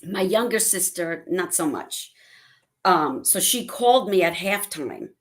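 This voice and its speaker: A middle-aged woman chatting casually on a video call, telling animated stories and acting out her family's lines. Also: fairly low pitch, a little slow. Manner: animated storytelling, acts out family quotes. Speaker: guest fan. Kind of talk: casual livestream chat.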